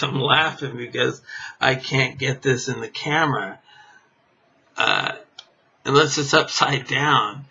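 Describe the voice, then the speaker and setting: A man's voice: medium pitch, measured pace, gravelly, pushed and bright, slightly rough. A man teaching a card trick in a casual, rambling way, full of fillers and chuckling at himself. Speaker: magic teacher. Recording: dull lo-fi camera audio.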